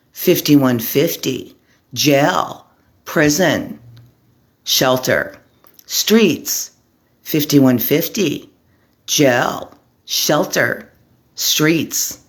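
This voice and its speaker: Slow, deliberate woman in clipped lists. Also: sits low, expressive. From Arizona, USA. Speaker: vlogger, formerly homeless advocate. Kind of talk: impassioned monologue to camera.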